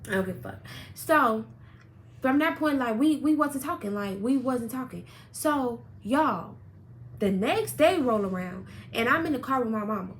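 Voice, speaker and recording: A woman's voice: a little high, expressive, normal speed, slight background noise. Blunt, fiery young woman telling a story. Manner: blunt, profane, dramatic retelling with sudden loud outbursts. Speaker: storyteller vlogger. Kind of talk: casual storytime chat.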